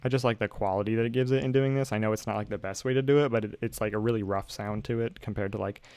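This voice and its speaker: Over his own song, a young man breaks down how he produced it in a laid-back tutorial voice-over peppered with "like." His voice sits on the low side, clear, resonant and a little mellow, with fairly even intonation, a racing pace and no room sound.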